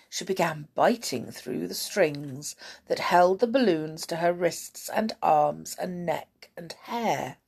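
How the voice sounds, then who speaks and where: A woman narrating a children's story aloud in an expressive, dramatic storytelling manner. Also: sits low, slow pace, creaky, slightly rough.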